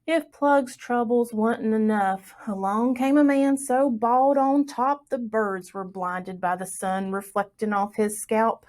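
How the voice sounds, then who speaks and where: Storytime reader. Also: female voice, on the high side, takes it slowly, hardly any pauses. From Southwest Virginia. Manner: expressive, lilting storytelling. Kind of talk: reading a folktale aloud for children.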